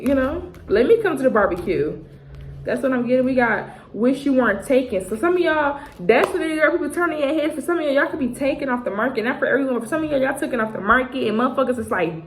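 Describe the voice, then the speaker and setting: A woman's voice: a little high, animated, fast talker. A woman in her twenties giving a casual tarot reading to her viewers, chatty and full of slang, often acting out what other people say. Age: 20s. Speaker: tarot reader. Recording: echoey room with faint noise.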